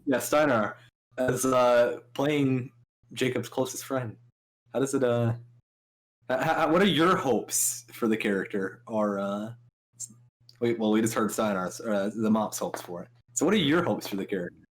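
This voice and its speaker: A man's voice: medium pitch, a little slow, rough recording. A man hosting a casual talk show, asking players rambling questions with fillers.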